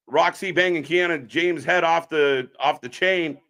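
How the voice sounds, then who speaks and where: A man co-hosting a live wrestling stream, chatting casually and reacting loudly to the action. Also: a little high, measured pace, creaky, hardly any pauses.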